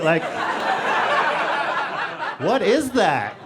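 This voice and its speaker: A man doing a stand-up comedy set on a club stage with a handheld mic, sarcastic, his pitch jumping up for punchlines and acted-out voices. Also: animated, normal speed, noisy background. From United States. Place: comedy club stage before a laughing audience.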